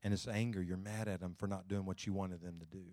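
A male pastor giving a lively sermon, talking straight to the congregation, with jokes and sudden loud, fiery stretches. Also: sits low, fast talker, no room sound. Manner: folksy, talks to the congregation directly.

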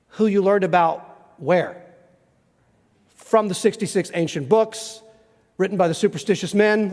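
A man preaching a sermon as a pastor, emphatic and conversational, slowing down to read scripture aloud. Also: sits high. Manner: emphatic, conversational, slows down when reading scripture. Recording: reverberant hall.

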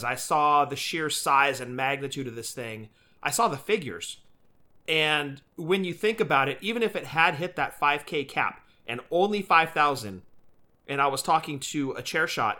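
An enthusiastic man co-hosting a casual podcast, tossing in "dude" as he talks. His voice is bright and forceful. It sits somewhat high for a man. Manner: enthusiastic, says "dude" a lot. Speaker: podcast co-host.

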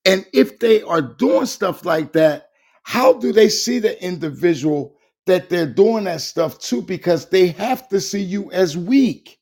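A man's voice: high-pitched, animated, unhurried, darkish tone. A man co-hosting a casual talk show, speaking bluntly in a folksy, colloquial way. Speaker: co-host.

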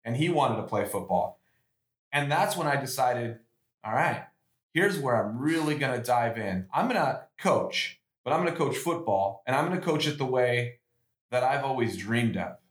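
A man's voice: mid-range voice, expressive, moderate pace. A middle-aged man who hosts a podcast and coaches youth football, telling his own story in an earnest, emotional way, with many restarts and rising bursts of emphasis. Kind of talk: personal storytelling monologue. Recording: echoey room.

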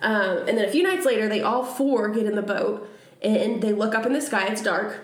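A woman's voice: mid-range voice, moderate pace. A young woman co-hosting a podcast, telling a story in a rambling, chatty way and laughing often. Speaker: podcast co-host. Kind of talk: casual storytelling chat. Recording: echoey room.

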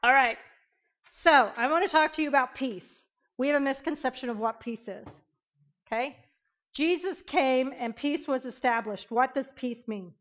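A woman teaching an interactive Bible lesson, emphatic and animated, questioning her class. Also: high voice, moderate pace, muffled recording.

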